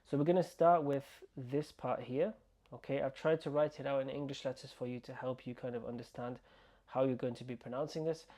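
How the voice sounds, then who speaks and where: A man teaching an online language lesson, slowly repeating words and sounds for the learner to copy. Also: medium pitch, warm tone. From United Kingdom. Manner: slow, repeating words and sounds to drill pronunciation. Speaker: Arabic teacher.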